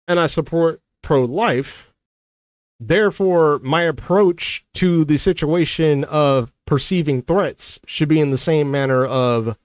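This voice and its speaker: Pushing back at a critic, a commentary creator delivers a fiery rant straight to camera, circling back over the same points again and again. He has a slightly high voice, recorded with no echo.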